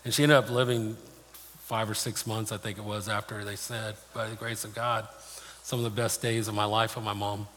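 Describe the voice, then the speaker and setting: A man's voice: lowish voice, level tone, moderate pace, fairly bright tone, a little hiss or hum. A man preaching a sermon as pastor, speaking in a plain, personal storytelling way. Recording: long reverb of a large hall.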